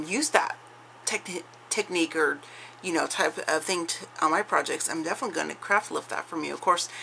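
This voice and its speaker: Gushing woman with gravelly, bright voice. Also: fairly low pitch, a little hiss or hum, rough recording. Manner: chatty, gushing, with frequent restarts. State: slightly slurred from facial numbness. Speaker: craft vlogger. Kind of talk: casual unboxing chat. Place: craft room at home.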